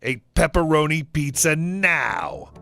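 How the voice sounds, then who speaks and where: A man voicing a rude, entitled woman customer who makes demands and insults staff, read in a flat storytelling voice. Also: fairly high pitch, slow, creaky, heavily acted. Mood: demanding.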